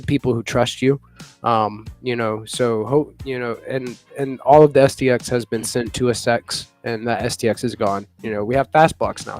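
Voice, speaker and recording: Man, live show host, casual rambling talk, filler-heavy, faint music underneath. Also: mid-range voice. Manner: rambling, many fillers, laughs often. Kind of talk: casual live crypto news chat.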